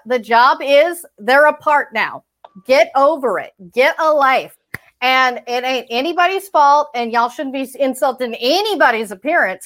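A woman's voice: high voice, fairly bright tone. A woman co-hosting a fan podcast, delivering a heated, sarcastic, profane rant. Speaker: podcast co-host. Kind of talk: ranting fan podcast chat.

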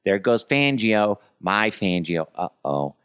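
A man putting on a slow-talking male radio analyst who mutters numbers and worries to himself. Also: on the low side, big pitch swings, a bit bright, clear, resonant tone, dry recording, studio quality, full character voice. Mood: muttering. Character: dim, slow adult male stats nerd muttering.

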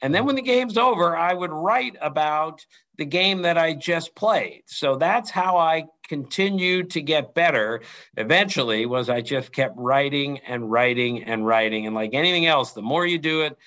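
A middle-aged man telling lively anecdotes in an interview, acting out quotes from others. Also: fairly high pitch, moderate pace. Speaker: interview guest, baseball writer. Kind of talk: storytelling in an interview.

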